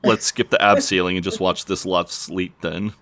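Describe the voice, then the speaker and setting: A man in his thirties, casually retelling show scenes as a podcast co-host, slipping into quick character voices and laughing. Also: sits low, steady tone, fairly bright tone, no echo. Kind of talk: casual recap chat.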